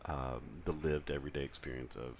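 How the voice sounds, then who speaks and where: A man's voice: extremely low pitch, fairly even intonation, fairly quick, slight background noise. A man lecturing in a conversational way, with frequent fillers and self-corrections. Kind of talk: recorded lecture.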